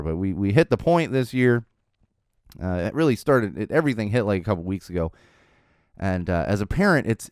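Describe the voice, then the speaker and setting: A man's voice: mid-range voice, no room sound, clean studio sound. A man hosting a podcast in a casual, joking chat about parenting and his week. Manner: chatty, joking, self-deprecating asides. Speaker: podcast host.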